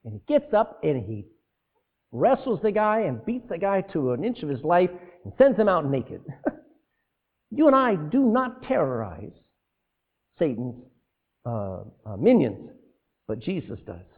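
Delivering a sermon with huge pitch swings in a high, slightly rough voice, a pastor speaks a little slowly with long pauses. He throws rhetorical questions at the congregation and drifts into asides, all through thin, phone-like audio.

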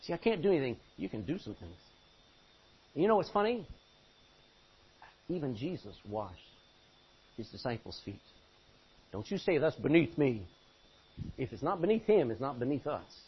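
A man's voice: medium pitch, very animated, moderate pace, long pauses, slightly rough. A man preaching a sermon, exhorting the congregation with rhetorical questions, in a muffled lo-fi recording. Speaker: pastor.

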